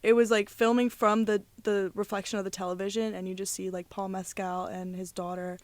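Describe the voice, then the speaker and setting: A woman's voice: mid-range voice, flat delivery, fairly quick. A young woman co-hosting a casual movie podcast, rambling and emotional with many filler words. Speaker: podcast co-host.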